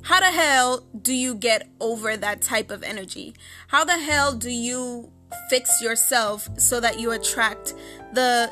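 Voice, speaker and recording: Woman, podcast host, bright voice, fairly high, sassy, blunt, casual advice talk. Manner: sassy, blunt, swears freely; slips into Jamaican-style slang.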